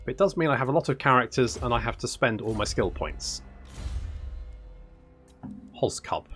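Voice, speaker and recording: Male let's-play host, bright and lively, unhurried, prone to sweary outbursts. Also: medium pitch, soft background music. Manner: excitable, swears freely, exasperated outbursts. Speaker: gaming channel host. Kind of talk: strategy game let's play commentary.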